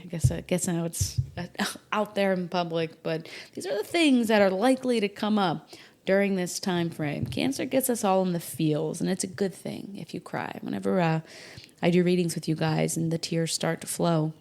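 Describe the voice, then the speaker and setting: A middle-aged woman hosting an astrology podcast, talking casually and emotionally, with soft whispered asides. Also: fairly low pitch, gravelly. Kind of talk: casual solo podcast talk.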